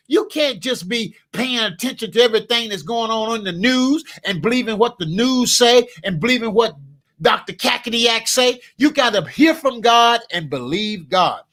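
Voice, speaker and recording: High-voiced, emphatic male coach. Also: pushed and bright. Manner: emphatic, repetitive, preacher-like cadence; talks to a live helper during the talk. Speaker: business coach. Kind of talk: motivational coaching talk.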